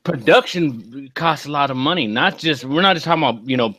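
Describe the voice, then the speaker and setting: A man's voice: medium pitch, expressive, fairly quick, a bit bright, dry recording. A man in a casual podcast roundtable who interjects often and jokes, with casual cursing. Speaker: podcast panelist.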